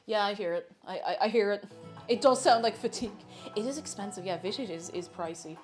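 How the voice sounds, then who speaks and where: A woman's voice: mid-range voice, a little fast, soft background music. A woman chatting casually while baking live in her kitchen, laughing often and reading out chat messages.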